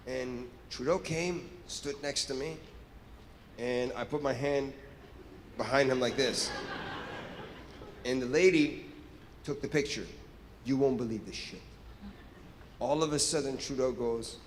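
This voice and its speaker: A man from Iran doing stand-up storytelling on a live stage, animated and acting out the exchanges. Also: medium pitch, noisy background. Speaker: stand-up comedian. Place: live stage in a large hall. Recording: echoey hall with loud ambience.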